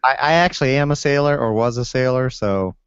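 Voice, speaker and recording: A male guest with a clear, resonant, mid-range voice chats casually and tells personal stories, often halting and restarting his sentences. The recording is dry, dull and lo-fi.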